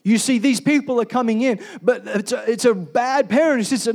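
A male pastor preaching a sermon, swinging from loud emphatic calls to soft, quiet storytelling. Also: very high-pitched, normal speed, few pauses.

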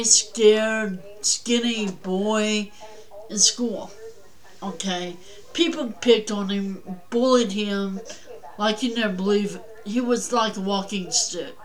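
A woman's voice: mid-range voice, poor audio. A woman guest on a talk show telling a personal story in a rambling, plainspoken way.

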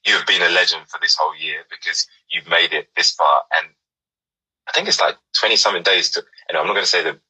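A man's voice: low-pitched, steady tone, fast, bright, forceful tone, breathy edge, rough recording. A man hosting a casual chat, upbeat and encouraging, rambling through stories. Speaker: host.

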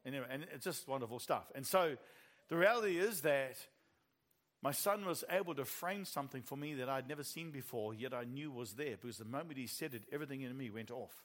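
A man's voice: medium pitch, lively intonation, a little fast, fairly bright tone. A middle-aged man with a New Zealand accent preaching a sermon, telling stories with animation and laughing at his own jokes.

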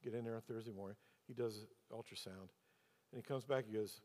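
A man's voice: on the low side, fairly quick, a little mellow. A man preaching as a pastor, telling a personal story and then pressing the congregation with rhetorical questions. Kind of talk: sermon. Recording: long hall reverb.

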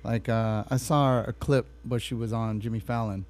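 A man's voice: medium pitch, steady tone, normal speed, a little mellow. A man co-hosting a podcast, teasing and prodding his friend in a casual chat, full of "like" and "bro.". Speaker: podcast co-host.

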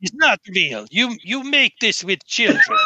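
A man voicing a gruff male gang bouncer with a slight Russian accent and clipped, deadpan broken English. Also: very high voice, unhurried, pitched above the performer's own voice, full character voice. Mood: dismissive.

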